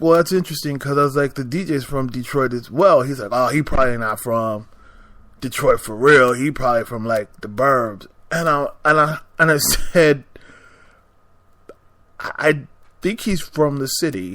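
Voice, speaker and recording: A man on a podcast tells a long personal story, slipping into quoted lines for himself and the other person. His voice is bright and forward, recorded close and dry with no room around it. He sounds worn out by the exchange he describes and animated in the telling. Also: medium pitch, dry recording. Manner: animated, exasperated, acts out both sides of the exchange. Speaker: podcast host. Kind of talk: storytelling anecdote.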